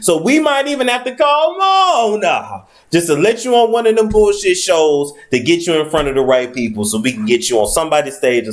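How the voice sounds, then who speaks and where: A man giving comedic celebrity commentary, scolding as if lecturing in his office, with heavy profanity. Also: fairly high pitch. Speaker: vlogger.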